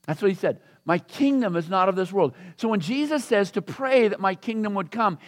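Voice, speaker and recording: A man preaching a sermon in a conversational storytelling way, acting out the voices of the people in the scripture he reads. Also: high-pitched. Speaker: pastor.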